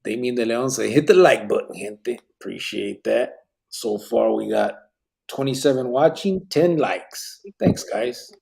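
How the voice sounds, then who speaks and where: Male podcast host, gravelly and husky, easygoing, reads the chat, sprinkles Spanish. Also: mid-range voice, lively intonation, unhurried, darkish tone. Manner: laid-back, swears freely, mixes in Spanish words. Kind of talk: casual live podcast chat.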